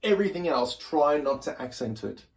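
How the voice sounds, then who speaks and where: A man's voice: on the high side, expressive, normal speed. A man teaching a casual drum lesson, loose and self-deprecating, often restarting his sentences. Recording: loud drums and music behind the voice. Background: drum kit being played.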